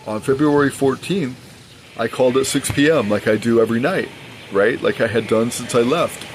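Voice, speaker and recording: A man's voice: mid-range voice, normal speed, a little hiss or hum, low-quality recording. A father speaking in a personal vlog monologue, earnest and aggrieved, insisting on his side of the story.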